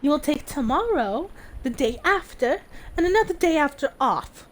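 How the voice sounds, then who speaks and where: Woman doing a squeaky stammering eager girl. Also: expressive, moderate pace, a little hiss or hum. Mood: excited, pushy. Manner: stammering, eager, bursting outbursts. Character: high-pitched excitable young woman friend.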